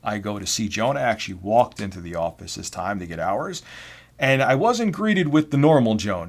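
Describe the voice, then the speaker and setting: A man's voice: medium pitch, very animated, moderate pace. A man telling personal work stories to camera in a casual, blunt, self-deprecating way. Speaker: vlogger. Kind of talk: casual storytelling.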